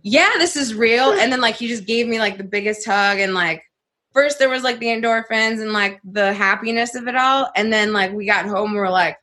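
A young adult woman telling a personal story on a podcast in a casual, animated way, saying "like" a lot and swearing freely. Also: medium pitch, brisk. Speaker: podcast guest.

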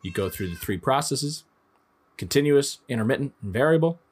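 A man's voice: medium pitch, lively intonation, fairly quick, slightly rough. Conversational man in his thirties teaching. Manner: conversational, explains through everyday examples. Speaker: dog trainer. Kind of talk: instructional talk.

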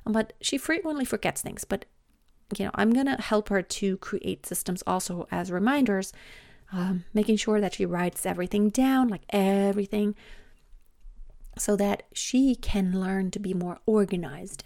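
A woman in her thirties talking casually about parenting in a chatty, animated way with many fillers. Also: mid-range voice, vocal fry, no echo, clean studio sound. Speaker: podcast host, mother. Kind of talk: casual personal monologue.

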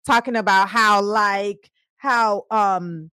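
A woman co-hosting a casual faith conversation at home, chatty and quick to laugh, with lots of fillers. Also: mid-range voice, steady tone, pushed and bright, clean tone, dry recording, studio quality. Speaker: podcast co-host.

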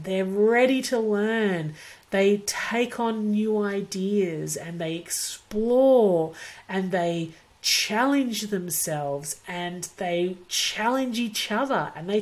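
Earnest middle-aged woman host. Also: mid-range voice. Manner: earnest, self-correcting, laughs at herself. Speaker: podcast host for family daycare educators. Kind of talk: casual reflective podcast talk.

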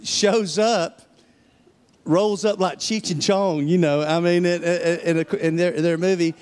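Storytelling preacher with a drawl. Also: male voice, high-pitched, measured pace, smooth. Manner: storytelling, acting out quoted voices, rising to excited peaks. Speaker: pastor. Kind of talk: sermon testimony.

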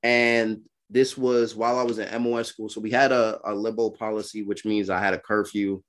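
A man's voice: on the low side, fairly quick. A young man from Brooklyn, co-hosting a podcast and telling casual stories with laughs and acted-out quotes. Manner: animated, laughing, acts out voices in quotes. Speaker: podcast co-host. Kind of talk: casual storytelling chat.

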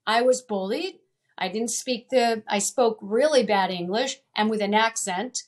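Speaking a little slowly in a voice on the high side, a woman from Italy and Venezuela guests as a coach in an interview. She's emphatic in this motivational talk, repeating her key phrases.

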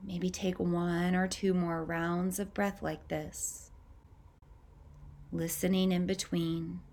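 A woman hosting a podcast, leading a guided breathing meditation in a slow, gentle, soothing way with long pauses. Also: fairly low pitch, flat delivery.

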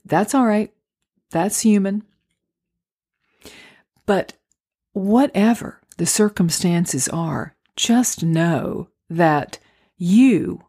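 Mellow-voiced woman giving gentle acting advice. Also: fairly low pitch. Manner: gentle, encouraging and unhurried. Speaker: podcast host and acting coach. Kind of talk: reflective solo podcast talk. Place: home, recorded near a street.

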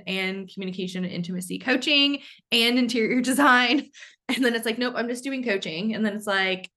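A woman hosts a relaxed podcast with a bright, forceful voice. She is candid and swears casually, and she laughs at her own stories. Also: mid-range voice, a little fast. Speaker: podcast host.

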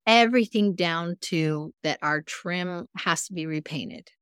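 A woman guest on a podcast, a mindfulness coach, telling personal stories in a candid, earnest way with sudden jumps in pitch. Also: a little slow, fairly bright tone, smooth, no echo, clean studio sound. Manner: earnest, self-reflective. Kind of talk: casual interview conversation.

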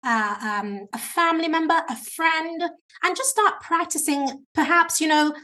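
High-voiced chatty woman coach. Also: normal speed. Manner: animated, chatty, self-described natural talker. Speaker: guest, speaking coach. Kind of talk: conversational interview advice.

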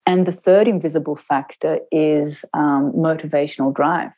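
A middle-aged woman, an intercultural trainer, telling a personal story in a reflective interview and slowing down to stress her points. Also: low-pitched, steady tone, warm tone, rough recording. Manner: measured, slows down to stress points.

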